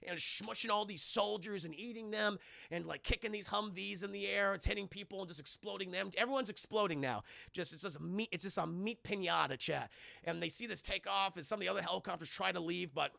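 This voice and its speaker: A man streaming a casual, profane movie recap to his chat, animated and acting out the characters' lines. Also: high-pitched, creaky, dry recording. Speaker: streamer and film reviewer.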